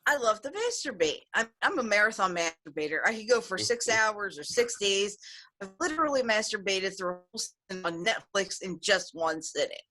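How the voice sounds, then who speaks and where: A woman's voice: mid-range voice, a little fast, few pauses. A woman from the USA doing a frank, raunchy stand-up set over a video call. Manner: bold, frank, deadpan delivery of crude jokes. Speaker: stand-up comedian.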